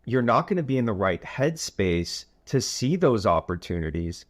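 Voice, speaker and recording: A man who hosts a coaching podcast, telling a story in a relaxed way with frequent filler phrases. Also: on the low side, normal speed, no echo, studio quality. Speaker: youth soccer coach and podcast host.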